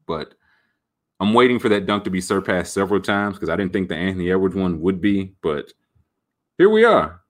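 Deep-ish guy rambling on a sports podcast, animated, cracking jokes. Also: fairly quick. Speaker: podcast host. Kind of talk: casual sports talk.

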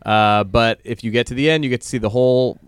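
A man's voice: medium pitch, fast talker, clear, resonant tone, dry recording, clean studio sound. A man guest on a podcast, telling stories animatedly and laughing often. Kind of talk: casual podcast chat.

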